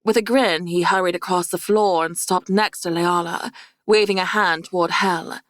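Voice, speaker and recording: In studio quality with no echo, a woman with a voice on the low side reads a fantasy audiobook. Her storytelling stays even and measured throughout.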